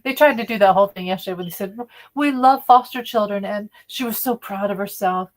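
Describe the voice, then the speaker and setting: A woman's voice: medium pitch, quick pace, slight background noise. A woman doing a live-stream tarot reading, talking in a conversational, opinionated way and often restarting her sentences. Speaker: tarot reader.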